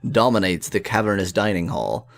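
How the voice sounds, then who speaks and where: Lively co-op gamer, laughs often, reads game text aloud in a drawn-down voice. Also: moderate pace, vocal fry. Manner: giggly, reads narration in a lowered voice. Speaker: co-player. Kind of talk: casual let's play chat, reading game text aloud.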